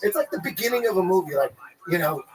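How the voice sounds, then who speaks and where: Profane, animated man telling a story. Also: high-pitched, fast, soft background music, rough recording. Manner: animated, profane, rambling with restarts. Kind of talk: casual storytelling.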